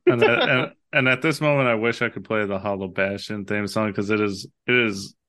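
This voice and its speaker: A man co-hosting a casual gaming podcast, swearing freely and telling stories with animated energy. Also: fairly low pitch, brisk. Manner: profane, animated storytelling. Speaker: podcast co-host.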